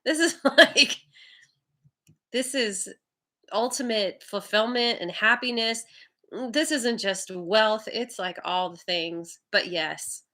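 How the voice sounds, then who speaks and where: On her live tarot stream, a woman talks slowly in a voice on the high side, bright and forceful. She chats casually, laughs frequently, encourages her viewers, and stumbles when reading out their names.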